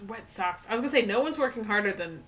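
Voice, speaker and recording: A woman's voice: medium pitch, animated, fast talker, a bit bright. A woman co-hosting a casual movie-watching chat, talking in a chatty, rambling way and giggling often. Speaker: co-host.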